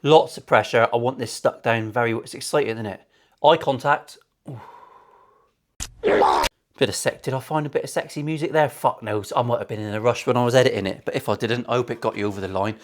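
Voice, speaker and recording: A luthier builds a guitar in his workshop, talking to the camera fairly quickly at a medium pitch. His casual chat is full of cheeky banter, heavy swearing, and joking asides.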